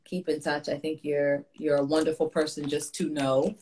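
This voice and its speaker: A woman hosting a casual interview, friendly and quick to laugh. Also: low-pitched, little pitch movement, darkish tone, slight background noise. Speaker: interview host and vocal coach.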